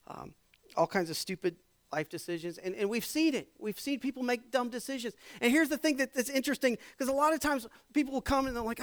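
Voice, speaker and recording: A male pastor preaching a sermon, reading scripture aloud and then explaining it with lively, conversational asides to the congregation. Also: extremely high pitch, a little fast.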